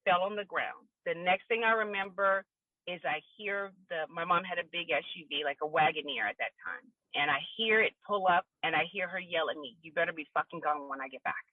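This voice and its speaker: A woman's voice: lowish voice, normal speed, no room sound. Brief: woman guest, candid emotional testimony, dry phone-line sound. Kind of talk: personal testimony in a podcast interview.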